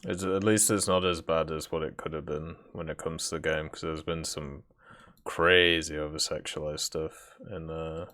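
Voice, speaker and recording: A man's voice: a bass voice, little pitch movement, normal speed, pushed and bright. A man hosting a casual stream chat, laid-back, answering briefly and agreeably. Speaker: streamer host.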